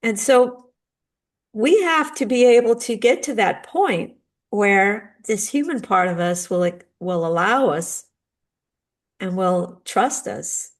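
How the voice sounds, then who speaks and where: A middle-aged woman and spiritual guide speaking in a gentle, earnest way about healing, now and then acting out little dialogues. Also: mid-range voice, takes it slowly. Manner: gentle, earnest, acts out short dialogues with lively shifts. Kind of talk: heartfelt talk on healing grief.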